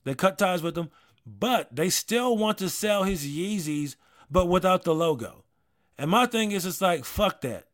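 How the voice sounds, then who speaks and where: A man's voice: high voice, expressive, unhurried, fairly bright tone. Rambling man chatting casually. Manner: rambling, frequent restarts and profanity. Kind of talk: casual chat.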